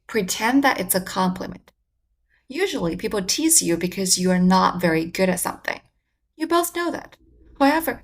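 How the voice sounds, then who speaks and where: Woman explaining in measured voice-over. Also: mid-range voice, creaky. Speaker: communication channel host. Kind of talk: scripted voice-over narration.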